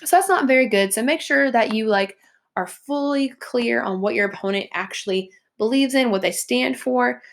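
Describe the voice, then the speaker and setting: A woman's voice: fairly high pitch, moderate pace, vocal fry. A young woman, teaching a recorded lesson in a chatty way, with many "like" and "um" fillers. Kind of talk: recorded classroom lecture over slides.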